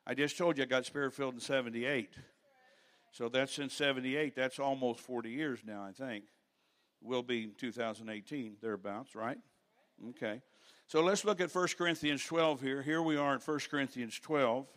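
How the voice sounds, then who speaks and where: An older man preaching a sermon in a church, telling stories with rambling asides and rising to loud preaching at times. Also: mid-range voice, normal speed.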